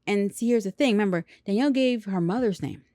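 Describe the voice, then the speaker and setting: A woman casually recapping a film with lots of slang and quick acted-out character lines. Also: medium pitch, dark tone, dry recording, studio quality. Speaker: movie reviewer.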